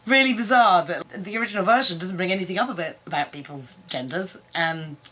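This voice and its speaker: A woman, chatting casually on an anime review show and acting out lines in high voices. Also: a little fast, a bit bright. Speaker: co-host of an anime review channel.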